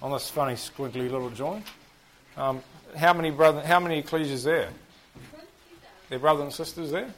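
A man's voice: a little high, normal speed, fairly bright tone, low-quality recording. A man with a New Zealand accent teaching a Bible class, quizzing the group and joking at his own expense. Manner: chatty, self-deprecating, asks the group questions.

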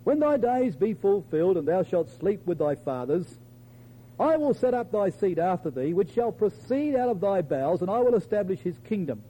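A man preaching a sermon to his congregation, emphatic, quoting scripture in old-fashioned wording and dropping softly at the ends of phrases. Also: very animated, moderate pace, a little hiss or hum, rough recording. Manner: emphatic, addresses listeners as brethren and sisters; drops to a soft low voice at the ends of phrases.

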